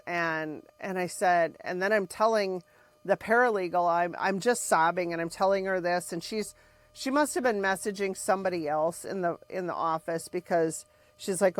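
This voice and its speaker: A woman's voice: lowish voice, moderate pace, no room sound. A woman candidly retelling her family's story, acting out the dialogue and swearing bluntly as she goes. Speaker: podcast co-host telling her family's story. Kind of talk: emotional personal storytelling.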